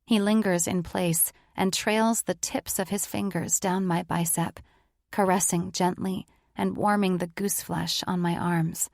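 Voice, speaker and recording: Woman narrator, first-person romance audiobook, somewhat low voice, gravelly, dry close mic. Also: steady tone, measured pace, no echo. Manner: intimate, emotive first-person reading.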